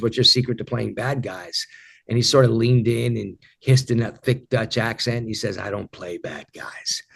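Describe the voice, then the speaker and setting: A man in his fifties answering interview questions as an actor, reflective and halting, with frequent repeated starts. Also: medium pitch. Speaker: actor guest.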